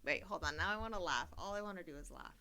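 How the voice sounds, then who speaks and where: A woman's voice: on the low side, quick pace, pushed and bright. A woman co-hosting a comedy podcast, bantering in a blunt, teasing way and laughing easily. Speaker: podcast co-host. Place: podcast studio.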